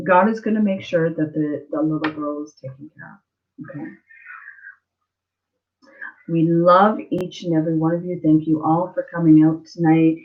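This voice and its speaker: A woman hosting a live-stream spiritual reading as a psychic, speaking tenderly and emotionally, halting and repeating herself with many fillers. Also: low-pitched, fairly even intonation. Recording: slightly muffled lo-fi stream audio.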